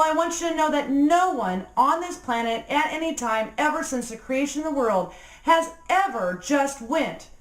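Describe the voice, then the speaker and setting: A woman in her forties giving an earnest motivational talk to camera, slowing down and dropping low on key phrases. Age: 40s. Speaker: motivational speaker. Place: room with a phone ringing nearby. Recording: echoey room.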